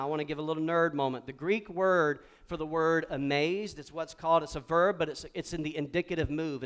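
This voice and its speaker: Before a live congregation in a church sanctuary, a male pastor preaches with a high, smooth, resonant voice. He delivers his points with spirited energy and animated call-and-response, having the crowd repeat key words back to him.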